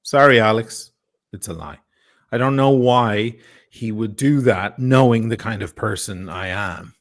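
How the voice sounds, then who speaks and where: Blunt lower-voiced male panelist. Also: unhurried. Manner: blunt, combative, swearing. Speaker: panel guest. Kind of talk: casual livestream chat.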